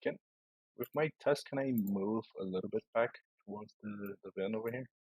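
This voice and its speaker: A man's voice: on the low side, normal speed, darkish tone, slightly rough, dry recording, rough recording. A man playing a tabletop role-playing game, joking around in casual chat. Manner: joking, laughing. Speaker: player.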